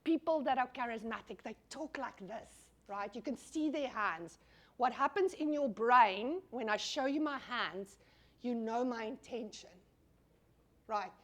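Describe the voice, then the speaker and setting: A middle-aged woman giving a lively classroom lecture. She is animated, swears casually and keeps asking the audience questions. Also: on the high side, a little slow.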